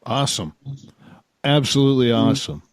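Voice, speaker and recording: A man's voice: mid-range voice, steady tone, a little fast, no room sound, clean studio sound. A man hosting a radio show, asking a guest eager follow-up questions. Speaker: radio host. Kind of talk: interviewing on a call-in radio show.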